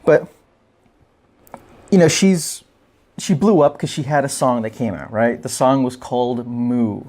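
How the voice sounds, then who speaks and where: A male podcast host talks at an unhurried, slow pace in a casual monologue. His voice sits at a medium pitch, and his delivery is wry and joking. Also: darkish tone.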